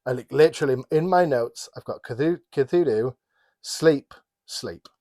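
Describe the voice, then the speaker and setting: A man's voice: mid-range voice, normal speed, a little mellow. A man co-hosting a casual Bible study podcast, rambling and restarting his sentences, often breaking off to add apologetic asides. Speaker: podcast co-host.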